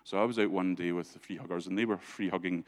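A man gives a church talk full of stories. He is chatty and often laughs, and he restarts his sentences a lot. His voice sits a little low. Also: fairly even intonation, fast. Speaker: church speaker. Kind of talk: anecdotal storytelling talk.

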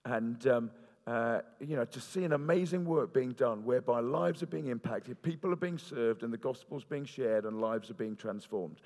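A man's voice: medium pitch, moderate pace, a little mellow. A man preaching a sermon in church, earnest and storytelling, with fillers and restarts. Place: church hall. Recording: reverberant church hall.

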